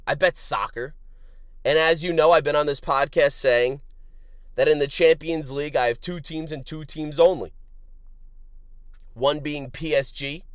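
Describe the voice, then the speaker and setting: A man hosting a sports betting podcast, crude and joking, swinging from loud outbursts to low mutters. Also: no echo, clean studio sound. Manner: animated, swings from shouting to muttering. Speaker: podcast host.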